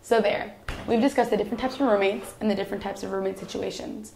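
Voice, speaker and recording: A young woman vlogging casually about roommates as a student, animated and acting out quotes in different voices. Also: medium pitch, quick pace, vocal fry. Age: young adult. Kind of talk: casual comedic vlog. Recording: roomy echo.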